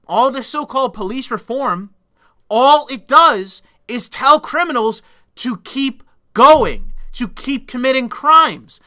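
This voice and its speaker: A man's voice: very high voice, very animated, takes it slowly, pushed and bright. A man delivering a solo commentary rant in a blunt, profane, emphatic way. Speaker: political commentator.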